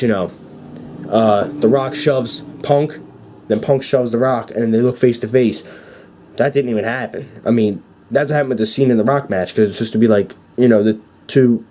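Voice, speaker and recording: A young man giving an excited, rambling fan recap with many fillers and restarts. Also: medium pitch. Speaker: wrestling fan vlogger.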